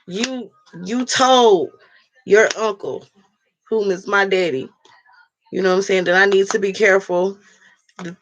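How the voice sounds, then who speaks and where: This is a woman venting on her vlog while she works on a wreath. She tells a personal story in a blunt, profane and heated way, and her voice sits at a middle pitch. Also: dull audio. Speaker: vlogger. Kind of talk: casual vlog rant.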